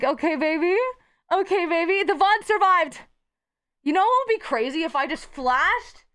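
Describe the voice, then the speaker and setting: A woman's voice: extremely high pitch, expressive, normal speed, fairly bright tone. A woman streamer chatting casually with her live audience, bubbly and giggly and swearing freely.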